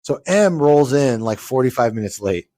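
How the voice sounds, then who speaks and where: A man co-hosting a relaxed talk show, spinning long stories and playing the provocateur. His voice sits at an ordinary pitch and sounds close and dry, with no room around it. He swears freely and puts on a mock-pompous tone to tease his co-host. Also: normal speed, dry recording. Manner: profane, mock-pompous, teasing. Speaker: podcast co-host. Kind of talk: casual chat, storytelling.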